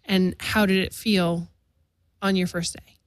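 A woman hosting a casual interview, chatty and relaxed, often saying "you know" and "like". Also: fairly low pitch, measured pace, dry recording. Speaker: podcast host.

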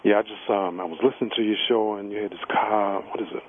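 A man's voice: on the low side, steady tone, quick pace, narrow, tinny audio. A man in his thirties calling into a radio show, flirty and brash. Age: 30s. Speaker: radio caller.

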